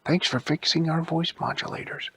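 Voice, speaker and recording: A man voicing a friendly, matter-of-fact half-built robot fox in a soft bedtime-story voice. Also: a little high, fairly even intonation, normal speed, slight background noise, pitched above the performer's own voice, close to an everyday voice.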